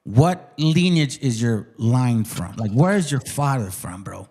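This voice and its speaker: A man's voice: mid-range voice, animated, measured pace, warm tone, slightly rough. A man hosting a live online debate, combative and profane, who interrupts constantly and repeats himself. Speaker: host of a live debate stream.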